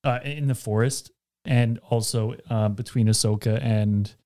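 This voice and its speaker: A man with a warm, mellow voice speaks in a casual group chat. He hesitates often and searches for his words. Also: mid-range voice, fairly even intonation, measured pace.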